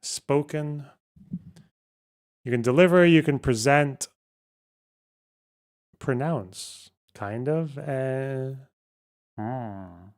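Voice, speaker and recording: Here a livestream host mumbles to himself over a word puzzle in a laid-back stream, letting out the occasional curse. He speaks extremely slowly with long pauses, in a medium-pitched, darkish voice.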